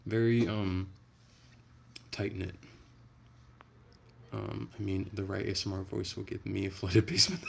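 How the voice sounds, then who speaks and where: Low gravelly dude rambling on a livestream, swears a lot, keeps restarting sentences. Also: male voice, unhurried, pauses often, a little hiss or hum. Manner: rambling, profane, frequent restarts. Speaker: livestreamer chatting with viewers. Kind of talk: casual livestream chat.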